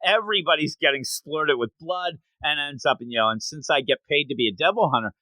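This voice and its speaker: A man co-hosting a podcast, chatting casually and acting out quoted lines in quick voices. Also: a little high, sharp tone, no room sound. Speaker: podcast co-host. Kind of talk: casual chat recapping a manga chapter.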